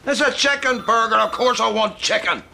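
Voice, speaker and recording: A man's voice: very high-pitched, brisk, vocal fry, background noise, heavily acted. An actor playing a stubborn, grumpy old grandfather with a Derry accent, swearing and bickering in a sitcom. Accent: Derry, Northern Irish. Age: older. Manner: cantankerous, indignant, swears freely. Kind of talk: sitcom acting.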